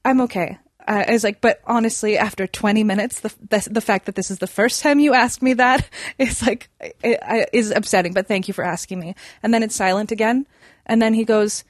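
A woman's voice: mid-range voice, a little fast, dry recording, clean studio sound. A young woman telling a story in a casual chat, full of fillers and restarts. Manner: chatty, many fillers and restarts. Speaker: podcast guest.

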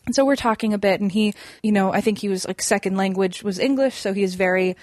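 A woman's voice: medium pitch, fast, a little mellow, dry recording, studio quality. A young woman telling a story in a casual chat, full of fillers and restarts. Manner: chatty, many fillers and restarts. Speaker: podcast guest.

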